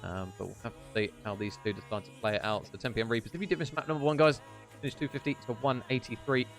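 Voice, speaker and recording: A young man giving live esports play-by-play as a caster, chatty and quick to banter between rounds. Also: mid-range voice, steady tone, soft background music.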